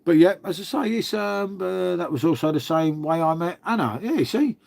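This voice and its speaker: A man's voice: high voice, animated, normal speed, creaky, a little mellow. A man with a London-area English accent, from Old Windsor, chatting casually on a livestream while reading comments, swearing freely, calling everyone mate, and sounding congested with a cold. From England (Old Windsor, Berkshire). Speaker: livestream host.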